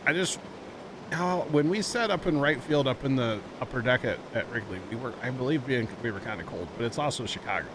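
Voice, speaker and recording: A man in his thirties, a streamer chatting casually and telling rambling, animated stories full of fillers. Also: mid-range voice, brisk. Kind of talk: casual chat while streaming a game. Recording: background noise.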